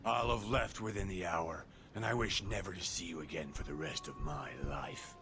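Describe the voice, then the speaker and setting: A bitter, proud nobleman with a very deep, gravelly voice. His speech is cold and final, and the game audio sits under clear background noise. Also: expressive, moderate pace.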